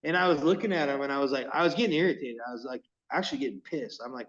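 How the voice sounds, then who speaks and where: A man's voice: medium pitch, racing, far from the mic, dull audio. A man who makes fishing lures, telling stories in a casual chat and acting out the quoted exchanges. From California. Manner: animated, acts out quoted exchanges. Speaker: lure maker, podcast guest.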